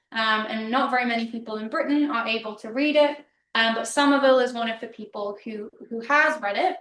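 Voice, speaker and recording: Recorded off-mic in a roomy hall, with a distant mic and a little hiss or hum, a woman delivers a public history lecture. Her voice is slightly high with a fairly bright tone, and she talks casually and chattily, saying um often.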